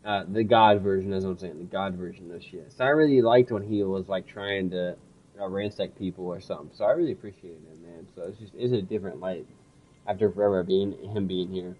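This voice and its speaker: A man's voice: low-pitched, a little fast, husky, lo-fi sound. A young man streaming a game, talking casually in a rambling, effusive way and swearing freely. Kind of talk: casual game livestream with read-aloud.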